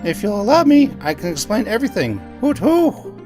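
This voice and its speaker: A man's voice: high-pitched, big pitch swings, a little fast, mellow, faint music behind. A man voicing a wise, long-winded owl who hoots and talks in grand, mysterious terms. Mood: grandly mysterious. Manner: hooting, grand and mystifying.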